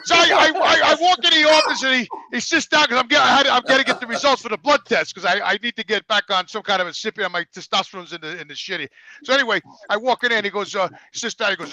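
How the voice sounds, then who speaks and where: A man with a very high, piercingly bright voice spins crude, rambling stories in casual podcast chat. He acts out every scene and swears as he goes. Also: rapid-fire, no echo, rough recording. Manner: animated, crude storyteller who acts out scenes. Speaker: show regular.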